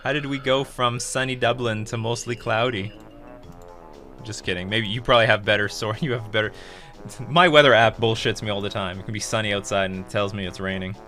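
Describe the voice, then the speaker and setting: Canadian man, laid-back stream commentary, laughs and swears casually, lowish bright voice, faint music under. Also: fairly even intonation, a little fast. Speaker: streamer playing a card game.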